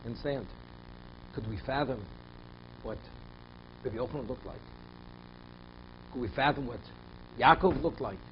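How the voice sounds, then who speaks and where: Emphatic rabbi teaching a Torah class. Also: male voice, mid-range voice, moderate pace, long pauses, highs cut off, noisy background. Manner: emphatic, rhetorical questions, repeats phrases while thinking.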